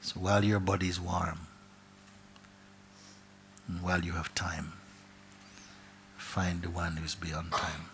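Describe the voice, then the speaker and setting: A man telling a parable as a spiritual teacher, soft-spoken, often dropping to a whisper and repeating his phrases. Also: low-pitched, little pitch movement, slow, pauses often, background noise. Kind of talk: storytelling in a spiritual gathering.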